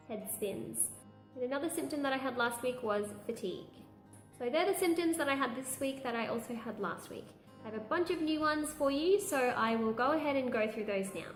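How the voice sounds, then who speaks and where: A woman's voice: a little high, reverberant. A young woman, chatting candidly through a pregnancy update vlog and laughing now and then. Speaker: vlogger. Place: room at home.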